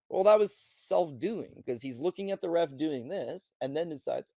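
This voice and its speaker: A man hosting a podcast, ranting bluntly and profanely about fights and bets, acting out quotes in high mocking voices. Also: sing-song, fairly quick, vocal fry, dark tone, dry recording. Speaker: podcast host. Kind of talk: casual sports betting rant.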